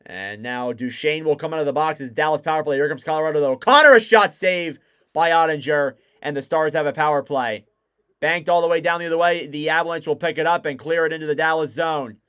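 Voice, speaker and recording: A man calling live hockey play-by-play on his stream, quick and excitable. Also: a little high, smooth. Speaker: livestream commentator.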